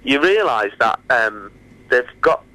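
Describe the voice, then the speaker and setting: A man with a Northern English accent, a comedian chatting as a guest in a casual radio interview, telling stories with quick laughs and asides. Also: mid-range voice, sing-song, sharp tone, no echo, rough recording.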